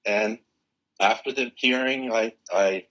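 Older male guest with a low, husky, forceful voice; an animated storyteller who acts out the dialogue. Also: takes it slowly, muffled recording. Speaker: interview guest. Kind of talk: personal storytelling in conversation.

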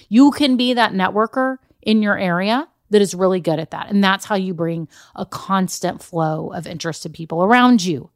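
A woman hosting a podcast as a business coach, giving an energetic, emphatic pep talk directly to her listeners. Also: medium pitch, no echo, clean studio sound. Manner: addresses listeners directly with "y'all" and "okay?". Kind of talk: motivational solo podcast talk.

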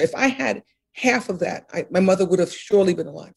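An older woman in a reflective interview, her voice husky and a little breathy. She speaks earnestly and with emphasis, circling back to repeat key phrases and laughing softly between thoughts. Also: mid-range voice, lively intonation, fast. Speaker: interview guest, author.

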